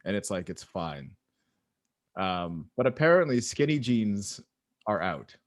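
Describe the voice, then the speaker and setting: Man from canada, lowish voice, self-mocking, hesitant with ums, casual podcast chat on a call. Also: very animated, measured pace. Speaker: podcast co-host.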